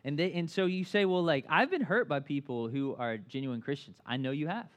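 A man preaching a conversational sermon as pastor, animated and full of asides, often checking in with "right?". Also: on the high side, a little fast.

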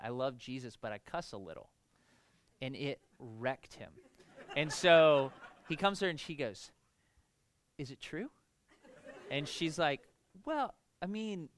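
A man in his thirties preaching a conversational sermon to a congregation, animated and asking "right?" often. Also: sits high, clear, resonant tone. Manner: casual, animated, frequent rhetorical "right?". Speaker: pastor. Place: church in front of a congregation.

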